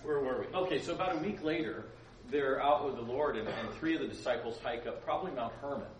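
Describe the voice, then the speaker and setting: A man's voice: mid-range voice, fast talker, noisy background. A man informally teaching a Bible story to a group, chatty, with stumbling restarts and joking asides. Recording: roomy sound, speaker far from mic, faint ambience.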